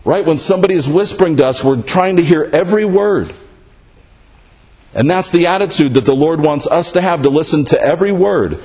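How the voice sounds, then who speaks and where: A man's voice: a little high, brisk, darkish tone. A man preaching a sermon, asking rhetorical questions and often adding "right?" to check in with his listeners.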